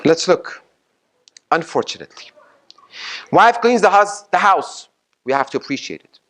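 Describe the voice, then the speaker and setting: A man's voice: fairly high pitch, big pitch swings, moderate pace, pauses often, fairly bright tone. A sheikh preaching a Ramadan sermon in a community mosque hall. He makes his points emphatically and repeats them, asks the audience questions, and recites Arabic sayings before he explains them. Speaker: sheikh giving a Ramadan lecture.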